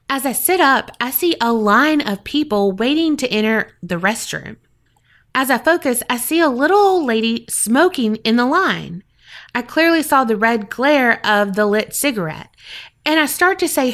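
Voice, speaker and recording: A woman co-hosting a podcast, chatting casually and reading a listener's letter aloud with lively storytelling and frequent fillers. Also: medium pitch. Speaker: podcast co-host.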